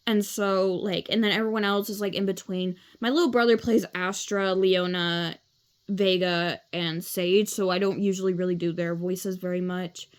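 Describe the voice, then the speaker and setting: A woman's voice: lowish voice, steady tone, normal speed, clear, resonant tone. A woman casually reading a children's book aloud, swearing now and then and filling with "like". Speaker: reader.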